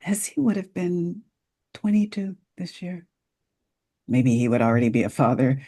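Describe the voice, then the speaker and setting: A woman's voice: on the low side, lively intonation, moderate pace, mellow. An actress playing a grieving mother who reproaches her daughter and pushes for grandchildren. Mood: reproachful. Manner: accusing, emotional. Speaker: Anna's mother Marlene.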